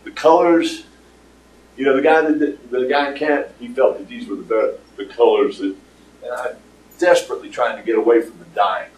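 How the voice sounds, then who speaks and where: An older man giving a casual, rambling pitch to an audience, with lots of fillers. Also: steady tone, moderate pace, darkish tone, slight background noise. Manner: rambling storyteller with many fillers. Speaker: startup presenter. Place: meeting room with audience. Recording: roomy, distant room recording.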